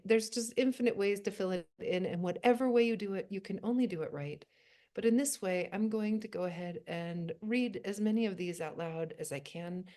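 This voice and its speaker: A woman with a lowish, mellow voice guides a writing workshop over a video call. Her delivery is soft, unhurried and reflective. She reads short lines aloud one after another. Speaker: poetry workshop leader. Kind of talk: gentle writing-workshop facilitation.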